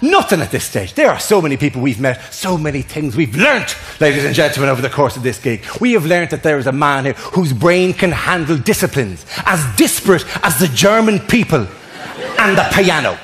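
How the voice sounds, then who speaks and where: An Irish man performing live stand-up comedy, telling stories fast and acting out voices on a theater stage. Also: fairly high pitch, sing-song. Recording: echoey theater with loud crowd laughter. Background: audience laughing.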